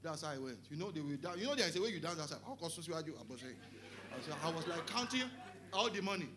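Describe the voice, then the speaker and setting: Nigerian pastor, middle-aged man, high, very lively pitch; punchy, shouty sermon delivery with Yoruba asides. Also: quick pace. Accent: Nigerian English with Yoruba. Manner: animated preaching, often shouting, mixing in Yoruba, joking with the congregation.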